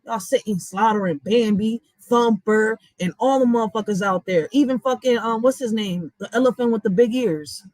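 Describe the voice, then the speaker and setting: A woman with a fairly high voice talks straight to her viewers in a casual reaction vlog. She is blunt and profane, swinging into animated, emphatic stretches. The sound is close and dry. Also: normal speed, few pauses, dry recording, rough recording. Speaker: reaction vlogger.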